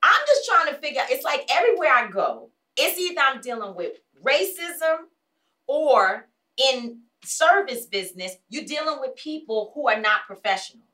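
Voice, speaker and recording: Woman host, casual storyteller; lively, swooping pitch, acts out quotes, swears freely, mic a little distant. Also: moderate pace. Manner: animated, acts out other people's lines in quotes.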